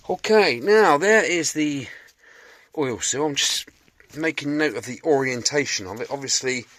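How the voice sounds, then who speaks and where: A man with a mid-range, fairly bright voice speaks animatedly and a little slowly. Making a restoration video, he talks through the job in his workshop, chatty and jokey, muttering to himself and swearing mildly.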